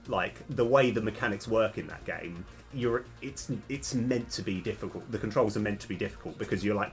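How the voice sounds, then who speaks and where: A young man streaming game development, chatting casually and hesitantly with many fillers and restarts, his voice slightly worn. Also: fairly low pitch. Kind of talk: casual live coding chat.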